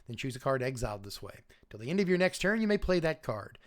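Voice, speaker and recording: A man's voice: mid-range voice, big pitch swings, quick pace. A man hosting a casual livestream card review, talking animatedly, chuckling often and chatting with his viewers. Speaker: host.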